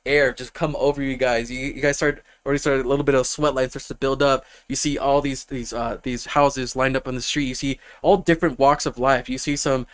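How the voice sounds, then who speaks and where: A man's voice: medium pitch, fairly even intonation, brisk, few pauses, clean tone. A man narrating a tabletop fantasy game as game master, rambling with lots of fillers. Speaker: dungeon master.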